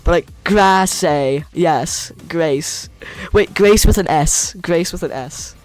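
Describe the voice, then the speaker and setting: A man's voice: on the high side, slow. A young American man streaming a game-building session, chatting with viewers in a rambling, playful way. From United States. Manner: rambling and playful, reads chat aloud. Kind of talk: casual chat with live viewers.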